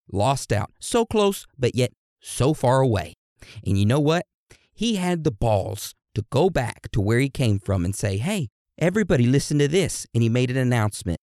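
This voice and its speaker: A man's voice: medium pitch, a little mellow, dry recording, clean studio sound. A man telling history as a crude, irreverent comedy lesson, full of slang and swearing. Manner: addresses listeners like a class. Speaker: storyteller explaining history.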